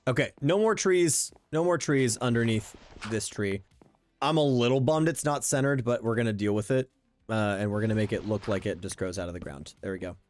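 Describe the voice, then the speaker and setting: A man's voice: lowish voice, brisk. Easygoing man thinking aloud while playing. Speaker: streamer. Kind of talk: casual gameplay commentary. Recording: faint background game music.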